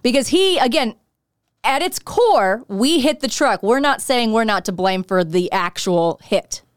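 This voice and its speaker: A woman co-host tells a story with animated, exasperated energy, slipping into the voices of others. Her voice sits a little high and sounds smooth and resonant. The sound is close and dry. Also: a little slow, dry recording. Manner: lively and exasperated, acting out quotes. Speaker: radio co-host.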